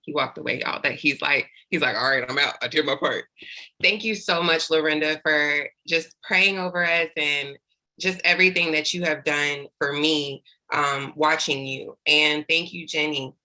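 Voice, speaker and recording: A woman on a video call with a lowish, bright, forceful voice. She gushes heartfelt thanks to her team as their new sales director, holding back tears the whole way. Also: fairly even intonation, unhurried, low-quality recording. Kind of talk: celebration speech on a video call.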